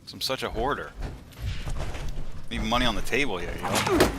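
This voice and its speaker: A man's voice: fairly low pitch, lively intonation, normal speed, heavy background noise. A man streaming a video game, rambling in casual, chatty commentary and laughing as he tells stories. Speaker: gaming streamer.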